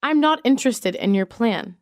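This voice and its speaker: A woman reading business English sentences aloud in a measured, clearly enunciated way. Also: fairly high pitch, expressive, dry recording, clean studio sound. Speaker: English phrase reader. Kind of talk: slow read-aloud example sentences.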